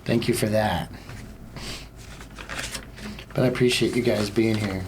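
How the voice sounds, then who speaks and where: A man's voice: on the low side, steady tone, measured pace, background noise. A young man hosting a casual solo comedy podcast, rambling and self-deprecating, with lots of filler words.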